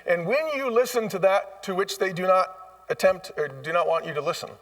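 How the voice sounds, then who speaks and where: A man's voice: high voice, brisk, a bit bright, far from the mic. A man speaking as a guest in a live onstage interview, telling stories emphatically and acting out bits of dialogue. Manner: emphatic, acts out quoted dialogue. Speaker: former restaurant chain CEO, guest. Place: conference stage.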